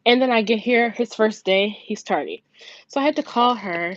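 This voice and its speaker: A woman telling a long story about her morning in an animated, chatty way, swearing freely and acting out what others said in a raised voice. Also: moderate pace, dry recording. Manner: acts out quoted voices in raised pitch. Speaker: budgeting vlogger, mother. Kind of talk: casual storytelling to camera. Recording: dull lo-fi sound with faint noise.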